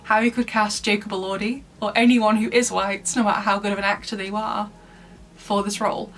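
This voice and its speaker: A woman's voice: medium pitch, flat delivery, a little fast, a little hiss or hum. A woman from Lancashire giving a casual review commentary in a chatty way, laughing often between points. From Lancashire, England. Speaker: book reviewer.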